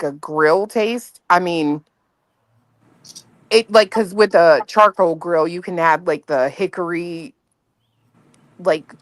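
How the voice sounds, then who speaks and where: A woman's voice: lowish voice, no echo. A woman guest chatting casually and animatedly, swearing now and then. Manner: animated, swears, talks in quoted asides. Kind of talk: casual chat.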